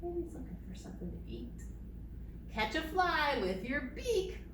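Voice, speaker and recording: A woman's voice: sits high, sing-song, measured pace, noisy background. A young adult woman, a children's librarian, leading a preschool storytime in a library, sing-song and calling on the children to join in. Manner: sing-song, leads children in bird sounds and movements. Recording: echoey room, distant mic, faint ambience.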